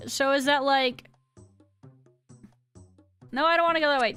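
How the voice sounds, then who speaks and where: A woman's voice: high-pitched, unhurried, pauses often, a bit bright, faint music behind. A woman in her thirties streaming a game, chatting casually and rambling as she answers her chat, with a slightly sick voice.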